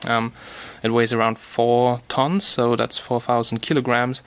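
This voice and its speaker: رجل يتحدث بعفوية في فيديو فتح صندوق. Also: male voice, medium pitch, level tone, a little slow, a bit bright, smooth. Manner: chatty, loose, thinks aloud with fillers. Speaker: tech video host. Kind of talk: casual unboxing talk.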